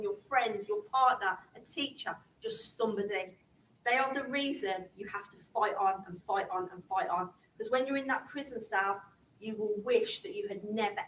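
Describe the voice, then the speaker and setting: A woman's voice: fairly high pitch, a bit bright, slight background noise. A middle-aged woman telling her story to young people in an impassioned public talk. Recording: echoey room, speaker far from the mic.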